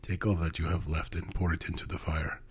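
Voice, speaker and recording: A man voicing a short, dominant man who gives commands in a low, growling, purring way. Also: flat delivery, a little fast, breathy edge. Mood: commanding.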